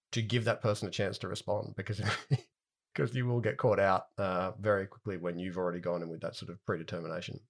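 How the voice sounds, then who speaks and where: A man hosting a podcast, explaining ideas quickly with everyday analogies in a relaxed conversation. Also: deep voice, gravelly.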